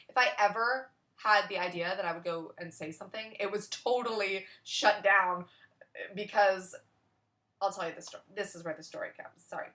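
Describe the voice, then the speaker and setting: A woman's voice: mid-range voice, normal speed, fairly bright tone. A young woman telling a casual story in a rambling way, full of "like" and "you know".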